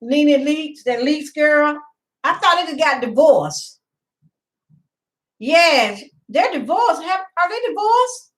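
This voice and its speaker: A woman's voice: high voice, animated, slow, a bit bright, poor audio. A middle-aged woman hosting a casual home live stream, rambling and chatty, greeting viewers by name and laughing often. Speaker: livestream host.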